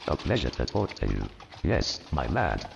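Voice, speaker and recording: A man playing an old miserly man turned joyful and repentant, with a gravelly voice and a theatrical, animated delivery in an audio drama. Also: normal speed, background noise, exaggerated voice. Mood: elated. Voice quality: gravelly, very deep. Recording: reverberant, dull lo-fi, faint music.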